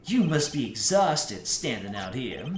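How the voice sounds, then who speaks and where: A man's voice: mid-range voice, big pitch swings, unhurried, roomy sound, a little hiss or hum, pitched below the performer's own voice. Klavier Gavin, a man doing a suave rock star drawl. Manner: smooth, drawling, calls everyone baby.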